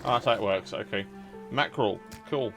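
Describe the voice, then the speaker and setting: A man's voice: lowish voice, brisk, creaky, over music. Rambling man narrating a game with a cold. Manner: rambling, chatty, self-restarting. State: has a cold. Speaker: gaming YouTuber. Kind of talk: casual let's-play commentary.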